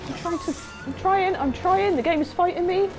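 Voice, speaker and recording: A young woman, commentating on a game she is playing, excitable and swearing often, with a sore throat. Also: very high voice, moderate pace, music in the background, low-quality recording. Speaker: game streamer. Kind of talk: let's-play commentary.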